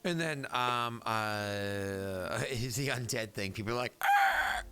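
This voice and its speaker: A man's voice: on the low side, slow, bright, forceful tone. A man in his thirties, the game master, who chats casually, rambles and fills his talk with fillers and restarts. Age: 30s. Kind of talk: casual tabletop game chat and in-character speech.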